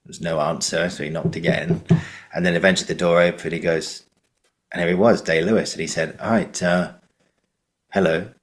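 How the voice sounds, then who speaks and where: A man's voice: deep voice, steady tone, brisk. A man hosting a podcast who tells a casual, rambling anecdote full of fillers. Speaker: podcast host.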